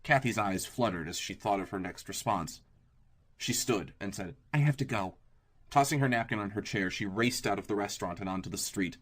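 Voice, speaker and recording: A man narrating an audiobook in a steady, even storytelling manner. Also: lowish voice, brisk.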